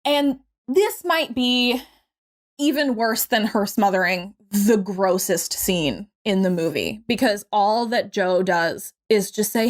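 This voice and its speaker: A young adult woman co-hosting a podcast, casually recapping a movie with lively quoted voices and the odd swear word. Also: medium pitch, slow pace. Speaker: podcast co-host.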